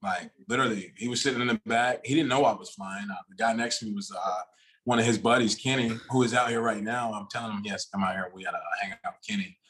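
A man guesting on a casual podcast, with a fairly low voice. He rambles, circles back and restarts his thoughts. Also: quick pace, a bit bright. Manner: rambling, many fillers and restarts.

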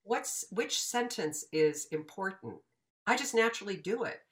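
A woman's voice: medium pitch, moderate pace. A woman in her fifties, a voiceover teacher, chatting in an interview and acting out the dialogue in her stories. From United States. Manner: animated, acts out quoted dialogue. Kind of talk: casual storytelling interview.

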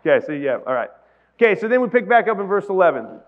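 A man's voice: high voice, very animated, quick pace, phone-quality sound, slight background noise. A male pastor giving a sermon, talking casually with the congregation and rising to emphatic peaks. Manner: conversational preaching, builds to emphatic peaks.

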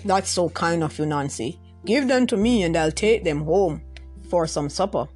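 A big, fierce male tiger speaks in a gruff, lowered voice, as a woman storyteller puts him on. He sounds like a weighty beast from a told folktale, and he is protective of his cubs. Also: expressive, moderate pace, darkish tone, faint music behind. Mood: purring. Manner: gruff, roaring.

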